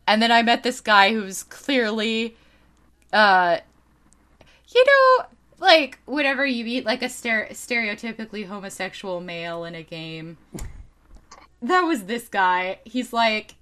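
A woman hosting a podcast, telling a video game story in casual chat, animated and swearing freely, with lots of fillers. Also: medium pitch, a little slow. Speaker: podcast host.

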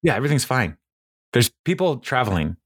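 A man's voice: medium pitch, very animated, fairly quick, breathy edge, no room sound, studio quality. A man hosting a podcast in casual chat, rambling and chuckling as he retells a TV episode. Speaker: podcast host.

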